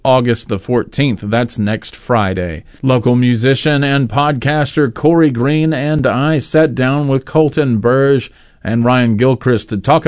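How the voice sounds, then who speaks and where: A man hosting an interview who asks friendly, curious questions and jumps in with quick remarks. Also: mid-range voice, a little mellow, dry recording, studio quality. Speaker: interviewer, host.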